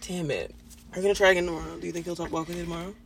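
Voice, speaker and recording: A seventeen-year-old girl co-hosting a casual podcast, reacting with quick, swearing comebacks. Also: lowish voice, fairly even intonation, creaky. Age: teens. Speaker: podcast co-host. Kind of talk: casual chat.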